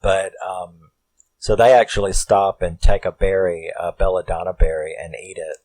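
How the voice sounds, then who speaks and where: A man's voice: low-pitched, flat delivery, normal speed, darkish tone, no echo, rough recording. A man casually recapping a horror film in a rambling way, swearing freely and breaking off into asides where he questions himself.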